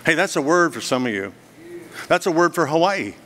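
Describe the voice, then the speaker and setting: Middle-aged man, guest preacher, earnest dramatic storytelling, fairly high voice, long hall reverb. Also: lively intonation, a little fast, a bit bright. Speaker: guest speaker. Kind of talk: sermon. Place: church hall.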